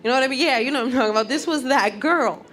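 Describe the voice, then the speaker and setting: A woman comedian telling brash, animated, streetwise stories in a stand-up set on a club stage. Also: high voice, racing, slight background noise. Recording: live club with loud audience.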